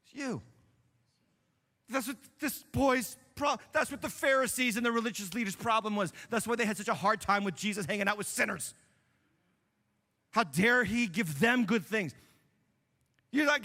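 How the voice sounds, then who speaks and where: A bright, high-voiced man preaches a sermon from a church stage. He drops to hushed asides, then builds to loud, emphatic lines. His voice rings out with a long reverb through the hall. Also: expressive, normal speed. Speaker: pastor. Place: church sanctuary.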